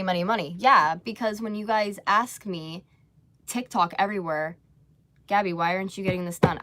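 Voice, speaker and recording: A woman's voice: fairly low pitch, a bit bright. A young woman talking candidly to viewers on a live stream, rambling with many fillers and restarts.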